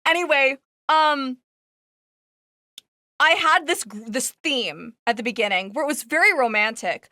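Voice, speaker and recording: A woman's voice: high voice, lively intonation, measured pace, pushed and bright, dry recording, studio quality. A woman streamer in casual chat, rambling with lots of fillers and laughing as she tells a story.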